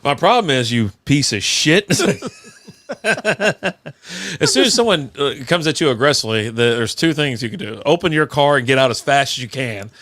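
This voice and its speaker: A man with a mid-range voice co-hosts a laid-back podcast. He talks bluntly and swears freely, and he is quick to joke. His voice sounds close and dry. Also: medium pitch, lively intonation, a bit bright, no room sound. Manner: blunt and profane, quick with jokes. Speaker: podcast co-host. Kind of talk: casual chat.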